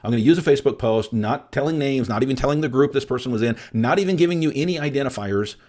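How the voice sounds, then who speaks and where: A middle-aged man with a medium-pitched, slightly mellow voice talks quickly with lively intonation. He hosts a solo podcast as an appraisal coach, speaking emphatically and bluntly straight to his listeners.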